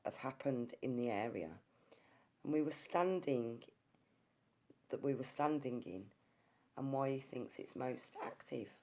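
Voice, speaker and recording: An English woman with an extremely low, slightly mellow voice tells of her ghost-hunting experience. She narrates earnestly, like a storyteller, and now and then starts her words over.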